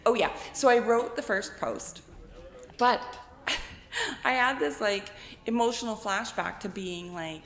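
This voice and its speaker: A woman author telling animated anecdotes in a casual interview, acting out quotes and laughing often. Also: mid-range voice, slow pace. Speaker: guest author and blogger. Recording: echoey room with long reverb.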